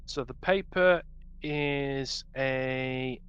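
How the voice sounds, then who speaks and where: A man's voice: mid-range voice, fairly even intonation, a little slow, pushed and bright, smooth, muffled recording. A man running a tabletop game as game master, describing scenes at length with many ums and restarts.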